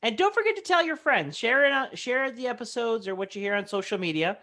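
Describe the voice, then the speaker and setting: A man's voice: very high-pitched, lively intonation, quick pace, sharp tone. A man cohosting a comedy podcast, teasing in a mock-earnest casual way. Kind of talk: casual chat.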